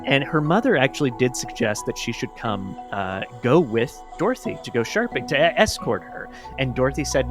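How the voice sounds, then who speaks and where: A man hosting a podcast and telling a true story in a casual, animated way. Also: medium pitch, a little fast, hardly any pauses, music in the background. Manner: animated, plays characters in reenactments. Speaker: podcast host.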